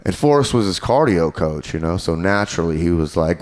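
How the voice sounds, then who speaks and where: A man doing a stand-up comedy set on a club stage, animated and crude in his delivery. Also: low-pitched, fairly quick. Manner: animated, crude, jumps into character voices.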